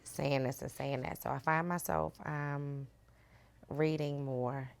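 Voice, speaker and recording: A young woman talking candidly as a guest in a low, soft-spoken voice. Her delivery is casual and sprinkled with fillers. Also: fairly even intonation, takes it slowly. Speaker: interview guest. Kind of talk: candid personal conversation.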